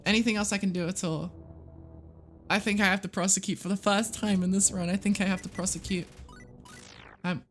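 A young woman live-streaming a game, reacting excitably, laughing often and greeting her chat. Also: medium pitch, brisk, long pauses, faint music behind, poor audio.

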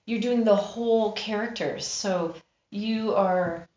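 A woman's voice: medium pitch, slow pace, darkish tone. A woman who narrates and produces audiobooks talks animatedly in an interview, laughing often. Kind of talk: interview conversation. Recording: roomy, muffled recording.

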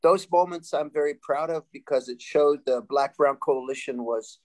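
A man in his sixties from Sacramento, California, telling lively stories as a panel guest, laughing and restarting often. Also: a little high, normal speed, low-quality recording. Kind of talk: casual storytelling.

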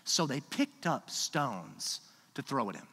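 A man preaching a sermon as pastor, emphatic, swinging between quiet asides and loud declarations. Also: mid-range voice, sing-song, takes it slowly, vocal fry, slightly rough. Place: church sanctuary. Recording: long hall reverb.

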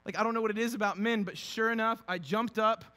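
A man's voice: high voice, fast talker, in a large hall. A young man preaching a casual, humorous sermon as pastor, acting out quotes in playful voices. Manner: animated, acts out quotes with funny voices.

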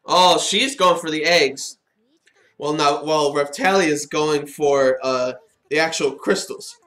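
A man giving casual, excitable reaction commentary while watching an anime, chatting and laughing as he goes. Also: a little high, takes it slowly.

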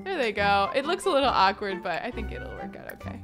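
A young woman chatting through a life-sim game session, bubbly and quick to gush and laugh over what her characters do. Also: medium pitch, huge pitch swings, over music. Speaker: gaming YouTuber. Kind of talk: Sims gameplay commentary.

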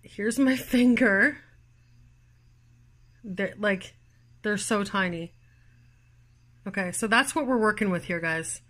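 At home indoors, a woman hosting a plant channel chats casually with her viewers, full of fillers and little giggles. Her voice is medium-pitched and bright with a forceful tone, and she speaks at a measured pace with frequent pauses.

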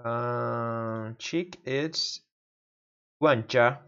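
Portuguese-native man, very slow, repetitive self-study drills; dull lo-fi home recording. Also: medium pitch, creaky, a bit bright, clear, resonant tone. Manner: repeats words aloud over and over, mutters to himself. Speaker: language learner. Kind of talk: casual self-study practice.

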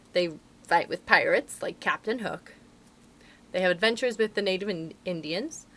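Expressive woman reading to kids. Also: on the low side. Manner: friendly, expressive. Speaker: librarian. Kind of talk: reading aloud to children.

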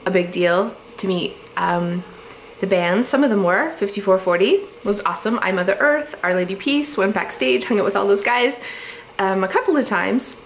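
A woman's voice: mid-range voice, moderate pace. Lady vlogging about organizing, rambly and giggly, lots of ums, bit of faint noise behind. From Canada. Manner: chatty, rambling, giggly, with many fillers. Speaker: home organizing YouTuber. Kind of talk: casual storytelling vlog.

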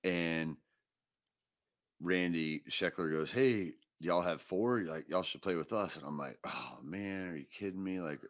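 Very deep-voiced man telling a story. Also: measured pace. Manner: animated storyteller, laughs through punchlines. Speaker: podcast co-host. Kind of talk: casual storytelling chat.

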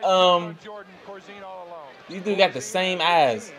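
A man's voice: high voice, takes it slowly, a bit bright. A man hosting a sports reaction video, chatting casually in slangy banter and chuckling at plays.

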